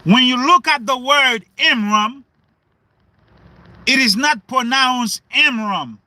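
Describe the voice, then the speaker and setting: Guy preaching on a livestream, super bright sharp voice, slow and drawn out, keeps firing questions at people. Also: very high-pitched, dry recording. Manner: questions the audience, repeats himself, breaks into shouts. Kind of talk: livestream sermon.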